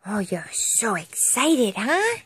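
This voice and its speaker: Young woman, mother, baby talk, high swooping voice, slow unhurried cooing. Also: very animated, a bit bright, husky, no echo. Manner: sing-song, playfully amazed, cooing.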